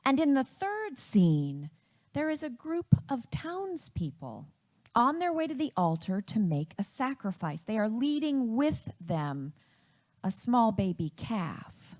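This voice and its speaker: A woman from Wisconsin telling a personal family story in a reflective, unhurried way. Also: fairly high pitch, big pitch swings, a little mellow.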